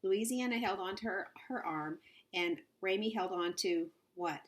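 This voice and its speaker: A woman reading a children's novel aloud in an unhurried storytelling manner, with small slips. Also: medium pitch. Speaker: audiobook reader.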